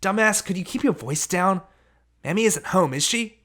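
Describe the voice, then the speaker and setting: A man's voice: mid-range voice, animated, normal speed, a bit bright, lightly acted. A defiant teenage runaway girl, voiced by a man reading an audiobook. She is bossy and scornful, ordering her brother around in a raised voice.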